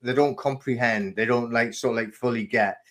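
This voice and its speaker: A man hosting a casual interview, asking questions in a halting way with many restarts and fillers. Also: medium pitch, fairly even intonation, a bit bright. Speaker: host.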